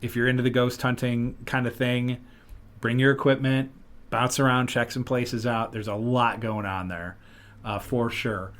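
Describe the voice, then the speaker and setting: A man hosting a podcast, chatting casually and telling stories with lively, animated retellings. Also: mid-range voice, normal speed. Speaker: podcast host. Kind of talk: casual chat.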